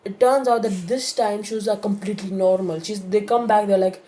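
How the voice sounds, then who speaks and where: A woman's voice: medium pitch, fairly even intonation, a little fast, warm tone. A woman telling a story-time tale in a casual, rambling way, with many fillers and restarts.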